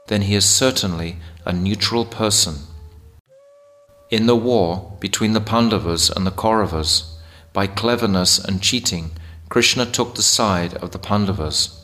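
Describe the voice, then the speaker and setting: A man narrating a devotional book aloud in a slow, measured, deliberate reading style. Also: lowish voice, pushed and bright. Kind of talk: scripted audiobook narration.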